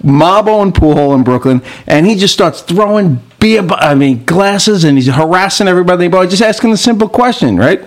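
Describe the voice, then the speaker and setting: A man co-hosting a podcast in casual chat, telling animated stories with frequent laughs. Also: sits high, fairly quick, hardly any pauses. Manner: animated storytelling, laughs often. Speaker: podcast co-host.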